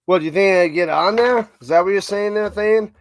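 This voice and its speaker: Streaming a watch party, this New Yorker calls plays with excitement and chats with viewers in between, reading their messages aloud. He talks a little fast in a high-pitched voice, and there's no room sound on the recording.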